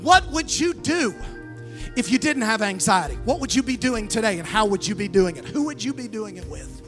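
A woman pastor preaching a fervent sermon, calling on the crowd to answer back, with a sing-song, drawn-out phrasing. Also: on the high side, expressive, music in the background. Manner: emphatic preaching with call-and-response.

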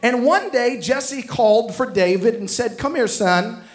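A man's voice: very high-pitched, measured pace. A man preaching a sermon, retelling a Bible story with acted-out dialogue and calls to the congregation.

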